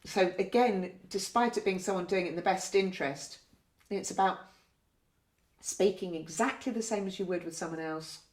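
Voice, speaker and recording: A woman working as a community nurse talks health staff through how to speak with patients. She is gentle and explanatory, and often closes a point with a tag question. Her voice sits at a middle pitch, and the room around her rings with echo. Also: moderate pace. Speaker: community learning disability nurse. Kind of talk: training talk with role-play. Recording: roomy echo.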